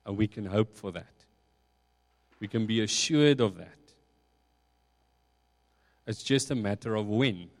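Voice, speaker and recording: A man preaching a sermon, slow and reflective, building emphasis on key points. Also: fairly low pitch. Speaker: pastor. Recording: long hall reverb.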